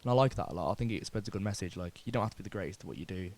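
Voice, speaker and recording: A man's voice: deep voice, animated, racing, a little mellow. A young man, a musician being interviewed, laid-back and self-deprecating, laughing often. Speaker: musician guest. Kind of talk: casual interview chat.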